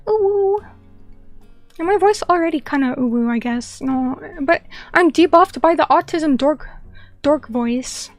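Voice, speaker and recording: A woman's voice: high voice, moderate pace, dry recording, faint music behind. A young woman chatting casually on a stream, reading viewer comments and rambling with lots of filler words and restarts.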